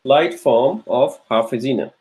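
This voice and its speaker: Teaching grammar in a live online lecture, this man speaks at a measured pace in a mid-range, somewhat mellow voice. He patiently repeats his drill questions and encourages students, praising each by name as they respond. The audio quality is poor.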